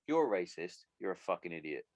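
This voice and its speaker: A man's voice: low voice, very animated, fast, darkish tone, no echo. Blunt, sweary man ranting. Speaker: podcast host. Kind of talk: solo podcast rant.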